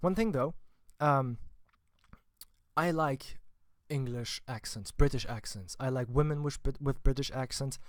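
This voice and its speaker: A man's voice: mid-range voice, a little slow, no echo, studio quality. A man giving a casual spoken film review, chatty and informal with wry asides. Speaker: film vlogger.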